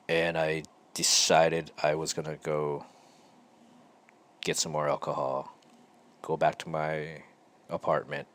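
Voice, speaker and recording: Guy with a really low voice, podcast host telling his own story, halting and thoughtful. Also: fairly bright tone. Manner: slow, halting and reflective, with frequent pauses and restarts. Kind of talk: candid personal storytelling.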